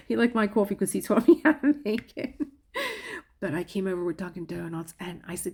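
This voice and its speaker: A middle-aged woman telling a personal story candidly, halting often and restarting her sentences. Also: medium pitch, animated, slightly rough. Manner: candid, halting, with frequent restarts and soft laughs.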